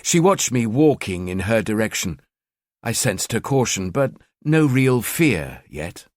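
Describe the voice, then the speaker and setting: A man narrating a crime thriller audiobook in the first person, with a cold, measured delivery. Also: lowish voice, sing-song, no room sound, studio quality.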